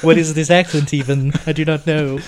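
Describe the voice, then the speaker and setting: A man's voice: on the high side, level tone, a little fast, a little hiss or hum, lightly acted. A man putting on a clumsy fake Russian accent as a government man, as a joke. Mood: mock-serious.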